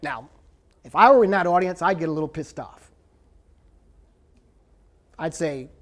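A professor lectures and takes audience questions in a slightly high, expressive voice, speaking a little slowly and pausing often. He's emphatic and often ends his points with "right?" to check in.

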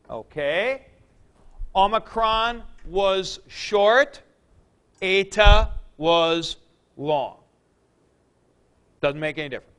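A man's voice: sits high, fairly bright tone, smooth. A man lecturing a class on Greek accent rules, with chatty asides and jokes to his students. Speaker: Greek teacher.

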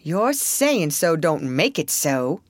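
A woman's voice: low voice, very animated, slow, dry recording, exaggerated voice. A woman voicing a proud, stubborn boy from a storybook who goads and boasts. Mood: goading.

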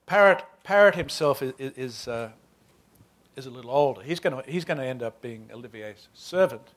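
Australian author, 60s, self-deprecating, stop-start delivery, mid-range voice. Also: male voice, medium pitch, lively intonation, fairly bright tone. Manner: halting, self-deprecating, many restarts. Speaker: novelist. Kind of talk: author talk before a reading.

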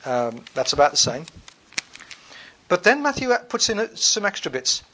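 A man giving a classroom lecture, thinking aloud with many fillers and restarts, wry and relaxed. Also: sits high, normal speed.

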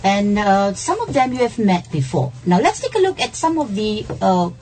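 A middle-aged woman with a medium-pitched, darkish voice hosts a radio English lesson teaching workplace English. She laughs often and checks in with listeners by saying "yeah?".

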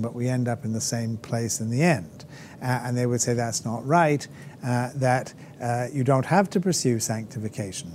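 A man gives an unscripted classroom lecture on theology, hesitant and full of fillers and restarts, posing rhetorical questions and mimicking critics. His medium-pitched voice is a little mellow, with slight background noise.

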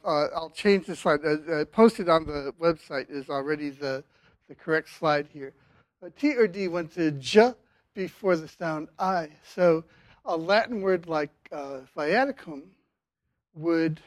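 An older man giving a university linguistics lecture, speaking haltingly with many fillers and restarts. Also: on the high side, no room sound. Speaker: linguistics professor.

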